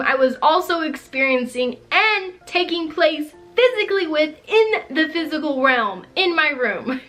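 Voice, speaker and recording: Bright, high-voiced young woman vlogger. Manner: animated, laughs often while telling the story. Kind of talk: storytime vlog.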